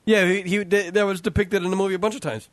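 A man with a fairly high voice co-hosts a casual podcast, riffing through crude stories in a loose, rambling way. The sound is dry and close, with no room around him. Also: flat delivery, quick pace, dry recording. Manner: crude, joking, rambling storyteller. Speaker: co-host.

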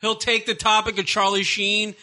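A man on a radio show rants about whatever bugs him, swearing freely. His voice is high with a very bright, cutting tone. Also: completely flat delivery, moderate pace. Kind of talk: crude comic studio banter. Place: radio studio.

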